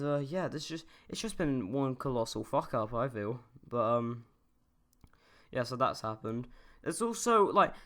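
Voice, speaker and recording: A young man rants to his camera in a loose, rambling way, swearing freely and tripping over fillers and restarts. His voice sits at an ordinary middle pitch for a man. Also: bright, forceful tone. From United Kingdom. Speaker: YouTuber. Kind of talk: casual opinion rant.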